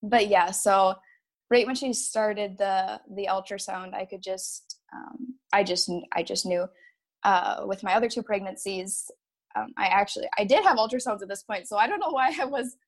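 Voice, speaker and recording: A woman in her thirties shares a painful memory in a halting, emotional way. Her voice sits at an ordinary middle pitch, and she breaks off with small nervous laughs as she speaks. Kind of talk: personal story.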